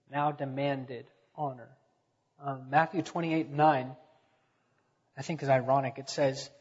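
A man delivers a sermon in a slightly husky voice, building to loud emphatic peaks before falling back to a hush. The sound is dull and muffled, carried on the long reverb of a large church hall. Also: medium pitch. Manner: preaching with swells in volume, then dropping quiet. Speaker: preacher. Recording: dull echoey sanctuary recording.

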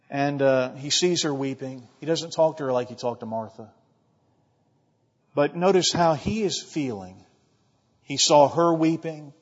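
Male pastor, higher voice, impassioned sermon with big dynamic swings; dull, echoing hall recording. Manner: impassioned, swings from loud to hushed, clears throat often. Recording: muffled sound in a reverberant hall.

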